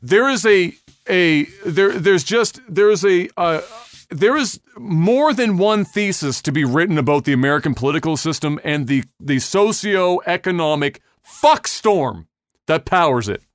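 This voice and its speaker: A man's voice: fairly high pitch, animated, measured pace, dry recording, clean studio sound. Blunt, profane man ranting. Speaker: podcast host. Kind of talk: casual podcast rant.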